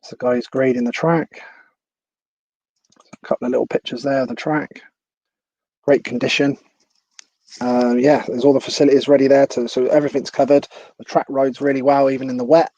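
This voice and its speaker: A man's voice: medium pitch, level tone, fairly quick, pauses often, mellow, no echo, muffled recording. Guy rambling on a live stream, laughs at himself a lot, dry close sound. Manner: chatty, laughs often, self-deprecating. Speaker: livestream host. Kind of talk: casual live-stream chat.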